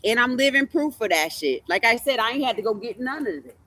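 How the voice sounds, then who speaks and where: Brash, bright-voiced woman reading tarot. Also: a little high, animated, fairly quick. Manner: brash, profane, boastful, repeats herself. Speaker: tarot reader and streamer. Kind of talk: casual livestream tarot commentary.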